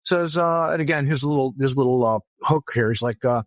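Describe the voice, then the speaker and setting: A man's voice: medium pitch, brisk, no room sound. A man as an interview guest, telling a story casually and with animation, often restarting his sentences. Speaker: guest author.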